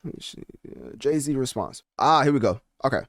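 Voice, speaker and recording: A man hosting a casual commentary video, talking in an animated, slangy and rambling way. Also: medium pitch, moderate pace, no room sound, clean studio sound. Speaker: commentary channel host.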